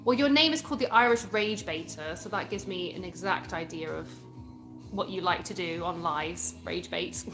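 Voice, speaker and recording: A woman's voice: on the low side, normal speed, over music. A young British woman from England hosting a casual live stream, chatting and answering viewer comments as she reads them aloud. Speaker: livestream host.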